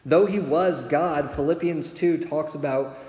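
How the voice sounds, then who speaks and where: A man's voice: a little high, unhurried, darkish tone. A man in his thirties preaching a conversational sermon as a pastor, with frequent "right?" asides. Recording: echoey hall.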